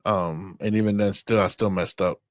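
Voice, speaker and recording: A man co-hosting a faith-based marriage podcast, speaking in a halting way as he searches for words. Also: low-pitched, fairly even intonation, dry recording, clean studio sound. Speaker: podcast co-host. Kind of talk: casual faith-based chat about marriage.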